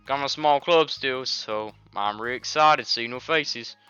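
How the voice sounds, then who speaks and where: A man's voice: medium pitch, moderate pace, pushed and bright, clear, resonant tone, no room sound, muffled recording, soft background music, pitched above the performer's own voice, close to an everyday voice. A man voicing a poised teenage girl club president in a near-natural voice, friendly and composed.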